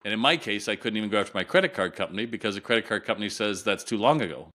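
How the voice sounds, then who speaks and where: A man's voice: fairly low pitch, very fast, sharp tone. A middle-aged man, a guest retail consultant, telling a long story in an interview and acting out the voices of the people in it.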